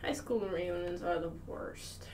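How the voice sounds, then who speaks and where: A woman's voice: fairly low pitch, a little slow, a little mellow, far from the mic, a little hiss or hum. A woman, a dry and sarcastic co-host of a casual game commentary. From Germany. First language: German. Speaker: let's play co-host.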